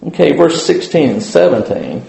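A man's voice: a little high, big pitch swings, moderate pace, vocal fry, warm tone. A man giving an informal Bible lesson at church in a folksy, rambling way, with many fillers and restarts. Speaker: Bible study teacher. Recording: very echoey room.

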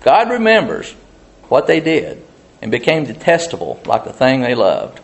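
A man's voice: mid-range voice, huge pitch swings, moderate pace, creaky. Folksy rambling male Bible teacher. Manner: rambling folksy storytelling with many fillers. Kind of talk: casual Bible study teaching.

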